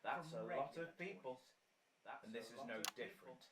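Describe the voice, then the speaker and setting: A woman's voice: rumbling low, normal speed, a crowd in the background. A voice actor playing a pompous, ranting male conspiracy pundit in a game broadcast.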